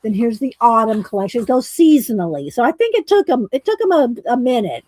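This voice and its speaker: A woman's voice: on the high side, sing-song, fairly quick, dark tone, no room sound. A woman hosting a coloring livestream, chatting casually and rambling with fillers and restarts. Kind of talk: casual chat while coloring.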